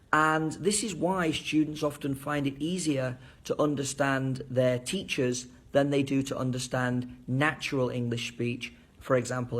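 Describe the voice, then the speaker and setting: A man teaching fellow teachers at a board, speaking clearly and enunciating each syllable as he demonstrates. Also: fairly high pitch. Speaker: English teacher. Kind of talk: teacher training lesson at a board.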